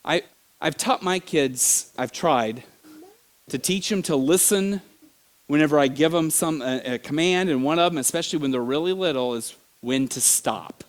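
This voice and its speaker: A middle-aged man preaching in a church, telling stories with animated bursts, sudden shouts and laughter. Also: fairly high pitch, moderate pace. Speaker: pastor. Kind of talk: sermon.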